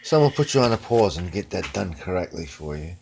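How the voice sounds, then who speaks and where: A man's voice: sits low, very animated, a little fast, vocal fry, a little mellow, a little hiss or hum. A man showing guitar parts in a casual workshop vlog, rambling and slangy, tagging lines with "you know what I mean" and "man". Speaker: guitar builder.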